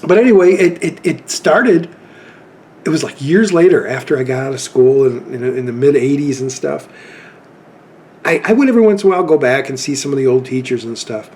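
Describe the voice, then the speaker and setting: A man's voice: mid-range voice, expressive, brisk, darkish tone. A man in his fifties telling rambling anecdotes in a casual chat about his film collection.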